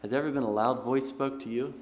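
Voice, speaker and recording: A man of ordinary pitch preaching a sermon, reading long scripture passages aloud and then stepping back to talk them over in plain, conversational words. A faint noise sits under the recording. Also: fairly even intonation, fast talker. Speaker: pastor.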